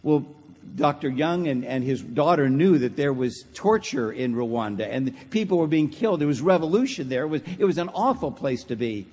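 A man preaching a sermon in a church, telling a story and ending on a slow, hushed close. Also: fairly high pitch, animated, slightly rough. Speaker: pastor. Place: large church sanctuary. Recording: long church reverb.

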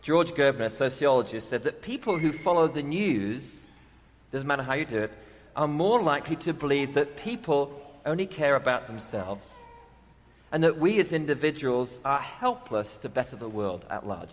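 A man's voice: medium pitch, expressive, normal speed. A male pastor preaching a sermon, telling stories with a dry sense of humor. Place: church sanctuary. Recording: long church reverb.

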